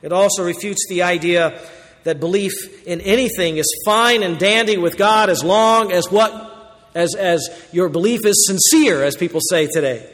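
High-voiced man preaching in a big hall. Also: moderate pace. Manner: emphatic preaching, swings between loud declarations and quiet asides. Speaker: pastor. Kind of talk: sermon.

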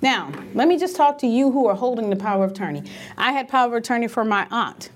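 Middle-aged woman, lively storyteller who acts out quoted voices, swooping pitch. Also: fast, a little hiss or hum. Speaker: speaker on grief and end-of-life care. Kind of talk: animated storytelling talk.

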